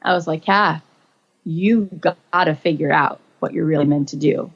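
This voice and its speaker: Animated woman storyteller with gravelly edge. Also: normal speed, muffled recording. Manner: animated, acts out quotes with rising pitch. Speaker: guest. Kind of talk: casual storytelling interview.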